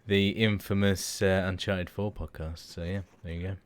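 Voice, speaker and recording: A man in his thirties with a fairly low voice co-hosts a podcast. He rambles through his week in a relaxed way, swearing freely and laughing often. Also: normal speed, clear, resonant tone. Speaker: podcast co-host. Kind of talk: casual chat.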